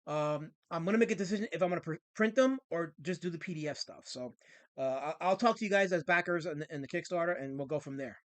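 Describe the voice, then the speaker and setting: A man's voice: on the high side, fast, no echo. A man hosting a livestream, reading viewer comments out in a sarcastic, mock-offended tone and going off on playful rants. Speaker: livestream host.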